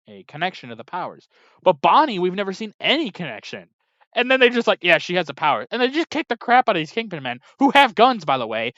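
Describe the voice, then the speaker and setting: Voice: medium pitch, pushed and bright, dry recording, lo-fi sound. A TV reviewer talking casually, exasperated and sarcastic, rambling with lots of filler "like"s. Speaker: TV episode reviewer.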